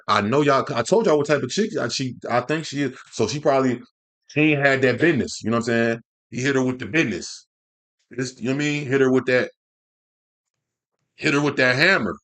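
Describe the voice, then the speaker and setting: A man's voice: medium pitch, a bit bright. A man giving casual reaction commentary in a mid-range voice. He rambles loosely, swears freely and trips over his words, circling back and repeating himself as he goes. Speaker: commentary host reacting to clips.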